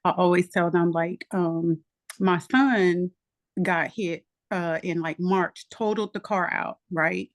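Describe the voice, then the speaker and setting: A middle-aged woman with a fairly low voice shares a family story in a casual faith discussion. She talks reflectively, pausing on frequent fillers. The sound is dry and close. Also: steady tone, no echo. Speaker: mother sharing in Bible study.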